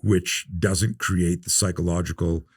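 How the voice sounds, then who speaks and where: A man in his fifties, a self-defense instructor, telling stories in a relaxed podcast interview and acting out the dialogue. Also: low-pitched, a little slow, breathy edge, dry recording, studio quality. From North America. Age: 50s. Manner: relaxed storyteller who acts out quoted dialogue. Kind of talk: casual storytelling interview.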